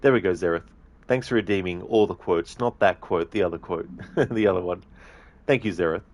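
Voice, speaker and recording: A man with a fairly low voice chats casually on a live game stream. He talks to viewers by name in a playful, easygoing way. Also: fairly quick. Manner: playful, performs viewer-requested movie quotes in varied voices.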